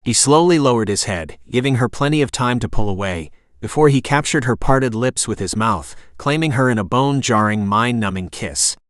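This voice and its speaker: Male audiobook narrator, middle-pitched voice, dry close recording, steady pace. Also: normal speed, hardly any pauses, dry recording. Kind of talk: scripted narration.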